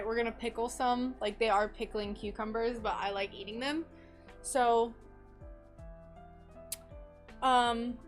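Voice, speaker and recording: A woman hosting a craft livestream, chatting casually and laughing often as she reads viewer comments. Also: fairly high pitch. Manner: chatty and giggly, with frequent laughter. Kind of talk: casual chat while working, reading viewer comments. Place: home workshop in Florida.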